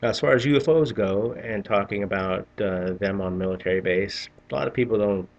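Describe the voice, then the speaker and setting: A man's voice: fairly low pitch, fairly quick, darkish tone, dull audio. A middle-aged man telling a rambling, profane story in a casual vlog, often restarting his sentences. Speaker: vlogger.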